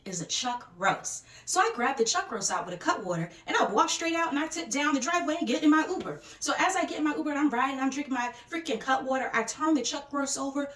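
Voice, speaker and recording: A woman telling a casual storytime in an animated, slangy way, acting out the people she quotes. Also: high voice, fast, few pauses, recorded from a distance, a little hiss or hum. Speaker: social media storyteller. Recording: roomy, away from the mic.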